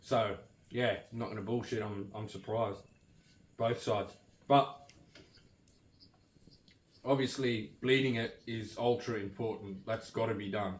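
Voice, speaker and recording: Laid-back Australian bloke, low voice, roomy. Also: male voice, unhurried, long pauses. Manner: relaxed, blokey, swears casually, tags lines with "eh". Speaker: outback station vlogger. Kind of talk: casual vlog while cooking.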